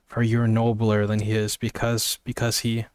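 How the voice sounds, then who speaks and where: A tearful young woman pleads in earnest, halting phrases, as a man reads her lines in his own low voice. The delivery stays flat and even, and the sound is dry and close. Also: clear, resonant tone, dry recording, close to an everyday voice. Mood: pleading. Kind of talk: amateur book reading.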